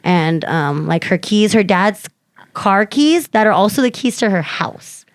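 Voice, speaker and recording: A woman's voice: mid-range voice, lively intonation, measured pace, no room sound. Woman comedian, podcast co-host, casual storytelling, profane, acts out quotes, dry close mic.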